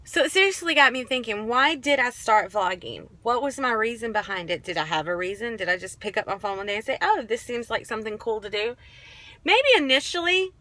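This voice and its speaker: A woman's voice: a little high, lively intonation, brisk, hardly any pauses, bright, forceful tone, no room sound. A woman in her forties talking earnestly in a casual vlog, recorded on a phone in her car. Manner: earnest, personal, rambling with restarts. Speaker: vlogger. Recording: car and road noise behind.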